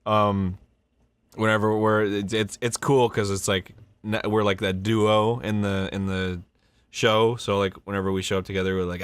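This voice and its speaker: A man's voice: lowish voice, little pitch movement, moderate pace, clean tone, dry recording. A man in his thirties telling a casual, rambling story about his voice work, often breaking off mid-sentence and swearing. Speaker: voice actor and show host.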